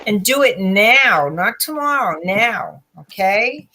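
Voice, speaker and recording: A woman's voice: mid-range voice, expressive, takes it slowly, sharp tone. A woman with a Boston accent giving direct, encouraging tarot readings on a live stream in firm, short commands. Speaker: tarot and psychic reader.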